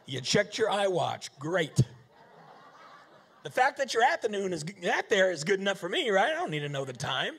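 A man preaching a lively sermon, joking and firing rhetorical questions at the audience. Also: high-pitched, normal speed, husky.

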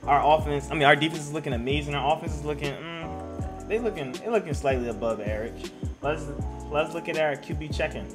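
A young man talks through his football video game in a casual, slangy way. He swings from chatty to loudly hyped on big plays. His voice sits a little high, with game music clearly heard behind him. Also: brisk. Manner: excitable, slangy, hypes up plays. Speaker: gaming YouTuber. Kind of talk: casual gameplay commentary. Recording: music playing in the background.

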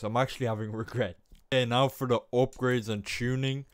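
A young man, a gaming channel host, giving casual gameplay commentary, excitable and self-mocking, often breaking into exclamations. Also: mid-range voice, brisk, dry recording, studio quality. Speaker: gaming YouTuber.

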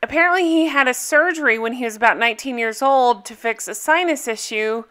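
A woman's voice: a little high, brisk, pushed and bright, clear, resonant tone. A woman chatting casually as she recaps a reality TV episode, gossipy and full of fillers.

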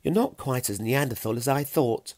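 A man voicing Fiona, a bright and bashful Stone Age girl who speaks softly but briskly. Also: mid-range voice, lively intonation, dry recording, pitched above the performer's own voice, lightly acted. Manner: soft and warm, briskly practical.

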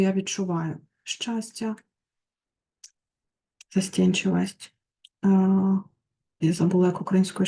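A woman's voice: medium pitch, darkish tone. A woman, working through a school English textbook as a tutor, reading phrases and translating them, with small slips.

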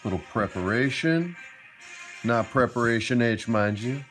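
A man with a medium-pitched, expressive, somewhat bright voice hosts a casual video about a tabletop game, acting as host and game master. He speaks at a measured pace, laid-back and joking, scattering plenty of "like" and "uh," with soft music in the background.

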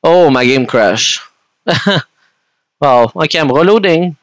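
A man's voice: fairly high pitch, expressive, takes it slowly, no echo. A man with a French Canadian accent giving rambling, chatty commentary while he plays a game and talks to his viewers. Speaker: gaming streamer. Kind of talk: casual gameplay commentary.

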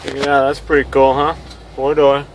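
A man's voice: medium pitch, completely flat delivery, normal speed, slight background noise, low-quality recording. Griping man narrating from a truck. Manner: griping, sarcastic running commentary. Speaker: tow truck driver. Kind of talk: casual vlog chat while driving.

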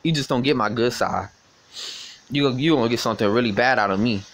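A man's voice: mid-range voice, brisk. Young male vlogger, mid-range voice, casual phone chat, profane and taunting, stammering repeats.

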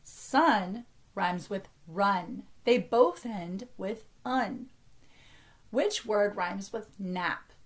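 A woman's voice: mid-range voice, lively intonation, drawn-out words. An American woman in her thirties, a teacher giving an early-grade reading lesson and carefully sounding out words for young children. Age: 30s.

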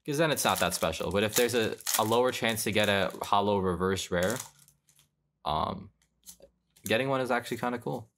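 Low-voiced young man, casual card chatter. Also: normal speed, a bit bright, slight background noise. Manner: rambling, offhand, self-correcting. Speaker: card collector opening packs. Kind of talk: casual pack-opening commentary.

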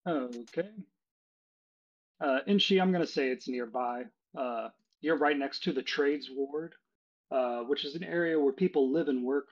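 A man narrating as game master of a tabletop game, explaining things at length with many fillers. His voice is husky and mid-pitched. The audio is dull and lo-fi.

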